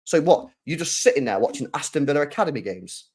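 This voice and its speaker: A man's voice: fairly high pitch, animated, fast talker, a little mellow, slightly rough. A man hosting a football channel, delivering a heated, sweary solo rant full of rhetorical questions.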